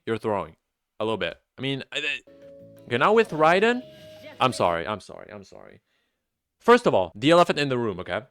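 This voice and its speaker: A young man rants casually about game clips, his voice swinging through a wide, lively range as he sounds incredulous and mock-outraged. His pitch sits a little high for a man. The recording is close and dry, with soft music faintly underneath. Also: no echo. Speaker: YouTube gaming commentator. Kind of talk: casual gameplay commentary.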